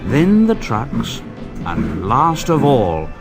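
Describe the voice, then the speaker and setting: A man reading a children's storybook aloud in a slow, expressive way. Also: medium pitch. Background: background music.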